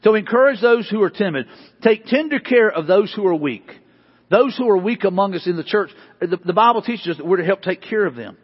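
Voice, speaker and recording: A man's voice: sits high, expressive, a little fast, breathy edge. A man preaching a sermon as pastor, earnest and emphatic, repeating his points. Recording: dull sound with long hall reverb.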